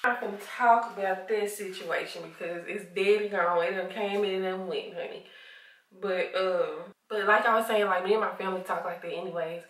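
Calling her viewers honey and laughing a lot, this sleepy woman from Arkansas, USA chats casually to camera indoors at home with a Southern US accent. She's a vlogger, speaking at a moderate pace in a steady, medium-pitched, somewhat bright voice. Audio comes from a distant camera mic and sounds roomy.

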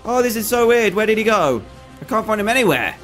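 Lively young man narrating gameplay. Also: high voice, fast talker, faint music behind. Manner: excitable, jumpy, playfully scared. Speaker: gaming YouTuber. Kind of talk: casual game commentary.

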